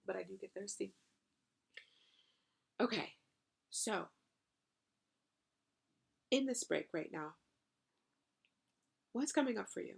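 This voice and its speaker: A woman's voice: medium pitch, creaky, fairly bright tone, husky. A woman hosting a channeled spiritual podcast, talking effusively with casual swearing and lots of "you know" and "right?". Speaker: podcast host and spiritual coach.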